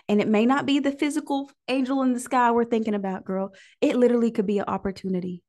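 A woman hosting a prayer livestream, preaching in an emotional, near-tearful way and pausing often to listen. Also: a little high, fairly even intonation, darkish tone. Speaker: host of a prayer call livestream. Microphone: livestream microphone.

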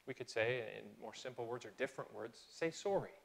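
A man's voice: brisk, creaky. A man preaching a sermon in church, earnest and conversational, swelling on key phrases and slipping into small restarts. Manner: earnest, rises in pitch and loudness on key phrases. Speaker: pastor. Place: church sanctuary.

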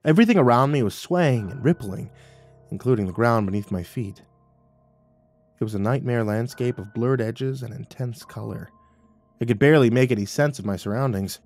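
A man reads a horror story in a mid-pitched voice, with dramatic, wry first-person delivery. Soft background music sits low under the narration. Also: normal speed.

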